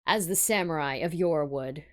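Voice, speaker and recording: A woman's voice: low voice, normal speed, background noise, lightly acted. A woman voicing a menacing, formal male prosecutor in a courtroom game, with game music behind. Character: scheming cold male prosecutor, middle-aged.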